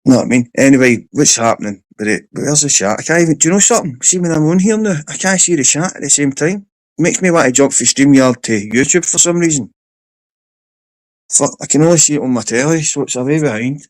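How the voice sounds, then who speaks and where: A Scottish man hosting a livestream, talking in a sweary, animated way as he tells stories. His voice sits a little higher than most men's. The talk is loose, casual stream chat. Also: fast talker, dry recording. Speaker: livestream host.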